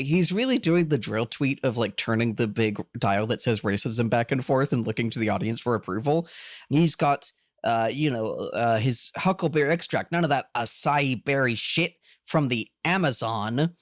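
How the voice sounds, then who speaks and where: A podcast co-host recapping a TV episode in casual chat, animated, swearing freely and laughing often. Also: medium pitch, moderate pace, no echo, clean studio sound.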